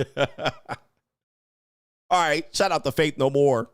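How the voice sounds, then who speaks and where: Profane trash-talking guy ranting at his chat on a stream, bit high voice, dry close sound. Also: slow pace, no echo. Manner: brash, profane, taunting, laughs at commenters. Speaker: livestream host reading chat. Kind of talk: ranting livestream commentary.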